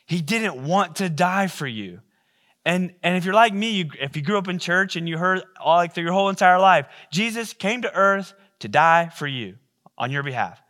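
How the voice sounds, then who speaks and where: Casual, slightly high-voiced male pastor. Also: animated, brisk, pushed and bright. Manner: casual and conversational, with many fillers and repeated words. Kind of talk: sermon.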